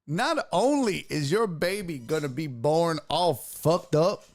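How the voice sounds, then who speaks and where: A man hosting a podcast, telling a comedic story in a profane, animated way and acting out what he said. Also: a little high, takes it slowly. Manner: profane, animated, acts out his own quotes. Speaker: podcast host.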